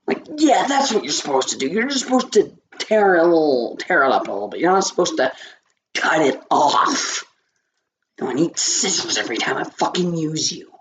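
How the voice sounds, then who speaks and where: A man's voice: fairly high pitch, sing-song, moderate pace, fairly bright tone. A man with a scratchy voice giving a rambling, easily distracted movie review, swearing often. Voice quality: scratchy, gravelly voice.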